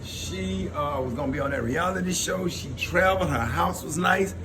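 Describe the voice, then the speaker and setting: A radio show host with a fairly high pitch and moderate pace tells his personal stories casually, with frequent laughter and quoted voices. The background is noisy.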